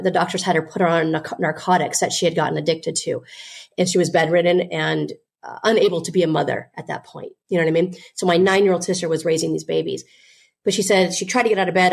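A woman's voice: fairly low pitch, vocal fry. A woman guest and business owner telling her story earnestly, with frequent "you know" fillers. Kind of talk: candid interview storytelling.

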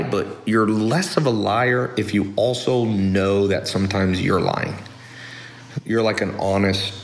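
A man with a fairly low voice holds forth in a casual, blunt monologue, keeping it animated and opinionated as he tells stories. The sound carries a noticeable room echo. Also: creaky, a little hiss or hum. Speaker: podcast host.

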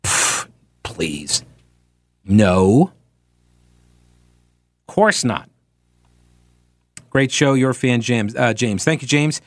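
A man hosting a talk radio show, reading listener mail aloud and answering it in a sarcastic, mocking, animated way. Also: medium pitch, very slow, long pauses, no room sound.

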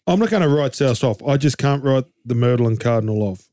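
An Australian man co-hosting a casual sports chat, animated and jokey, rambling through his points with restarts and rhetorical questions. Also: medium pitch, a little fast, no echo. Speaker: co-host and game commentator.

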